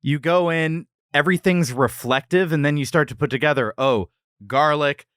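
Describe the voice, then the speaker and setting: A man's voice: on the high side, moderate pace, smooth, dry recording, clean studio sound. A man co-hosting a food podcast, telling the story in a playful, joking way. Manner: playful, animated storytelling with jokes. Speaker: podcast co-host. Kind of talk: casual chat.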